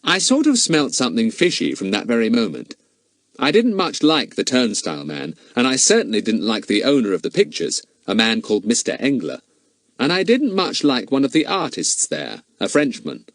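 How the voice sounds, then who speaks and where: A man's voice: mid-range voice, huge pitch swings, normal speed, dry recording, voice pushed up. A man voicing a confident, polite schoolboy detective, speaking seriously, in an audiobook reading.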